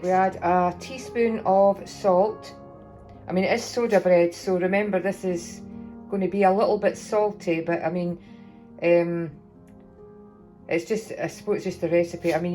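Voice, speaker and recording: A Scottish home cooking vlogger with a fairly low, mellow voice chats casually through a baking video, rambling and restarting sentences as she works in her kitchen. It's recorded on an iPhone, with faint music playing underneath.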